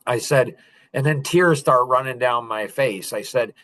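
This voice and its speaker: A man's voice: mid-range voice, a little slow, fairly bright tone. A middle-aged man hosting a podcast, telling a personal story in an earnest, confessional way with small laughs between phrases. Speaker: podcast host. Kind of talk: casual storytelling talk.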